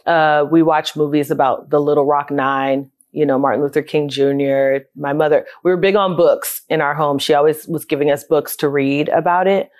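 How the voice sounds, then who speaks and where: A woman's voice: low-pitched, steady tone, moderate pace, few pauses, darkish tone. Candid woman recalling her upbringing. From South Florida. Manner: candid, reflective, conversational. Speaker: interviewee, childcare business owner. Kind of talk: personal storytelling interview.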